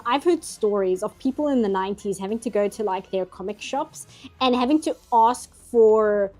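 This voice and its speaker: A woman's voice: medium pitch, a little mellow. A woman, hosting a casual livestream chat and talking easily with frequent laughs. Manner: chatty, laughs often, mock outrage. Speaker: livestream host.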